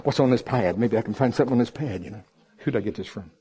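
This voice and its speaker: Speaking fast with a breathy edge to his mid-range voice, a male preacher jokes his way through an animated church sermon. His delivery swings between loud and soft.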